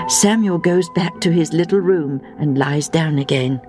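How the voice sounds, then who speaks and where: A woman narrating a Bible story in a slow, hushed, dramatic storytelling manner. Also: sits low, over music.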